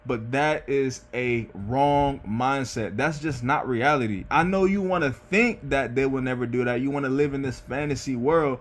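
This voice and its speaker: A young man speaks in a casual advice monologue, earnest and loose, repeating phrases and checking in with the listener. His voice sits in an ordinary middle pitch. He gets worked up but keeps it conversational. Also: normal speed, hardly any pauses. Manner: rambling, repeats himself, keeps saying "you know what I'm saying" and "bro". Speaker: vlogger giving life advice.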